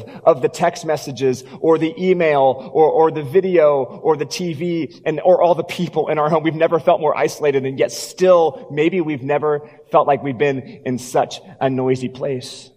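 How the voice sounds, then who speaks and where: A pastor preaching a sermon, telling the story and dropping low and quiet for emphasis. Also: male voice, a little slow, hardly any pauses, big-room sound.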